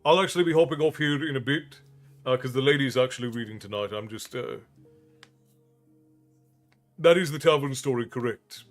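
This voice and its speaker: A man's voice: medium pitch, normal speed, pauses often, soft background music. Man from Ireland hosting a livestream. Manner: friendly, rambling, greets viewers by name. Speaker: livestream host and storyteller. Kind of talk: casual chat with stream viewers.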